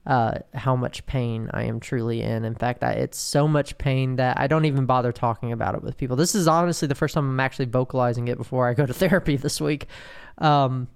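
A man hosting a podcast, talking candidly and haltingly about his own withdrawal pain, with many restarts and fillers. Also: mid-range voice, fairly even intonation, vocal fry, clear, resonant tone. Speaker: podcast host. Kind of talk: personal monologue.

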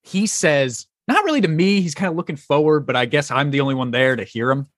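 Guy hosting a podcast, swings his pitch all over, cursing casually, dry close sound. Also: fairly quick, no echo. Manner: animated storytelling, swears casually. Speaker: podcast host. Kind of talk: casual chat.

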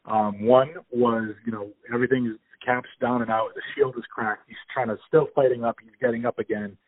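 A man's voice: medium pitch, fairly even intonation, a little fast, dry recording. A man in casual talk about a movie, enthusiastic and rambling, with many fillers and restarts. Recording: tinny phone-like audio.

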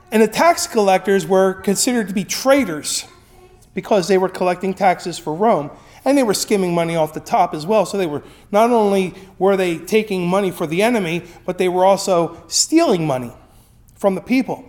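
High-voiced conversational male preacher. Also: expressive, normal speed, darkish tone. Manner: conversational, with frequent tag questions. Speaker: pastor. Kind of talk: sermon.

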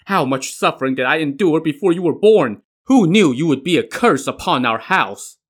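A man's voice: a little high, lively intonation, normal speed, husky, pitched above the performer's own voice. A man voicing a distraught mother in a told myth, speaking in a reproachful, pleading way. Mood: grieving. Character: distraught mother, wife of an officer.

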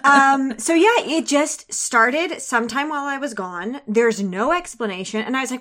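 A woman chatting as a player on a tabletop game podcast, excitable and giggly. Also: high voice, moderate pace, few pauses. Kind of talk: podcast banter.

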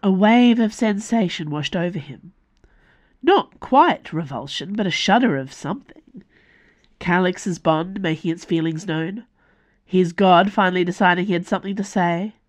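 A woman author reading her own fantasy novel aloud as scripted audiobook narration, measured and deliberate. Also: on the low side.

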